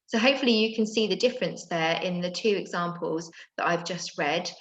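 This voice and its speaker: A woman's voice: lowish voice, brisk, a bit bright, echoey room, highs cut off. Patient teacher explaining to children, woman. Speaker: primary school teacher. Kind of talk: recorded remote lesson. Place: home.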